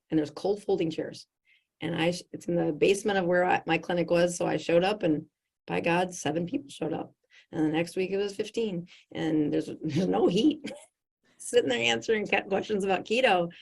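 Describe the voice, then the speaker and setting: A middle-aged woman with a husky, slightly low voice tells a story in a lively, conversational way. She laughs often and slips into the voices of the people she quotes. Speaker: physician, podcast guest.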